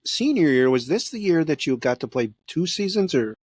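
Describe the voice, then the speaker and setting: A man hosting a podcast, asking steady, prompting questions about a guest's past seasons. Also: fairly high pitch, normal speed, breathy edge, dry recording. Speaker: podcast host. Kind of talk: interview questions.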